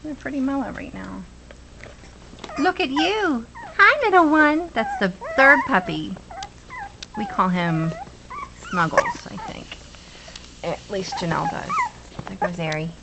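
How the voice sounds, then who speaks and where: Gravelly and high-pitched, this woman's voice swoops wildly as she speaks unhurriedly and pauses often. She's casually filming her puppies at home, cooing and using baby talk, on a camera mic with loud background noise in a home video.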